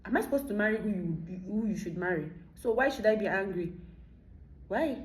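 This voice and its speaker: A woman's voice: medium pitch, lively intonation, fairly quick, a little mellow. A Nigerian woman in her thirties giving an emphatic motivational monologue, firing off rhetorical questions. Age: 30s. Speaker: vlogger. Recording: echoey room.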